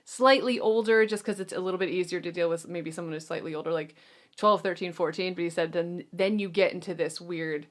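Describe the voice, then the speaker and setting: A woman's voice: lowish voice, fairly quick. A woman hosting a casual film podcast, chatting with friends, laughing often and reading out a synopsis. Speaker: podcast host.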